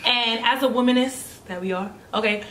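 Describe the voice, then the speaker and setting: A woman's voice: on the high side, normal speed, a bit bright, reverberant, far from the mic, a little hiss or hum, poor audio. A woman in her twenties from Brooklyn, a guest in a casual chat, talking bluntly and animatedly with profanity and frequent laughter. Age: 20s.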